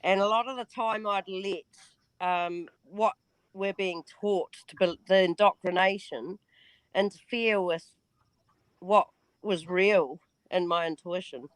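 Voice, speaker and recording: Slow, hesitant New Zealand woman. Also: mid-range voice, clean tone, no room sound. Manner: hesitant, many ums. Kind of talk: casual chat as guest.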